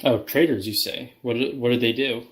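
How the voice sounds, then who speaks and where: A man playing his character in a tabletop game, hesitant and filling pauses with "uh" and "um". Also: mid-range voice, faint music behind. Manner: hesitant, lots of fillers. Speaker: player.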